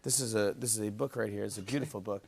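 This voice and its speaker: Eager laughing talk show host. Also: male voice, on the low side, fairly even intonation, very fast, vocal fry, slightly rough. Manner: eager, laughing, rambling explanations. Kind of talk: casual talk show banter.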